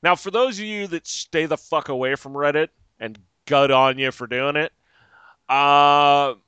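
Podcast host, male, sweary sarcastic ranter, bright forceful tone, dry close sound. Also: a little high, measured pace, clean tone, no room sound, highs cut off. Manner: profane, ranting, sarcastic. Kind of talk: casual ranting chat.

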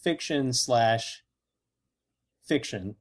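A man co-hosting a casual comedic chat, cracking deadpan jokes and acting out mock quotes. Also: mid-range voice, extremely slow.

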